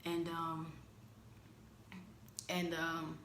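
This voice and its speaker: Candid, low-voiced woman reflecting. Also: completely flat delivery, a bit bright, roomy sound, slight background noise. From United States. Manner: candid and searching, with halting restarts. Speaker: vlogger. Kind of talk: personal reflective monologue.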